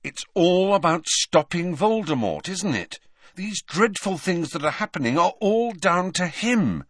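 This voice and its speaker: A man voicing a brisk, impatient, clever teenage girl in an audiobook. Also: high-pitched, big pitch swings, fairly bright tone, no room sound, studio quality, voice pushed up, full character voice. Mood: grave.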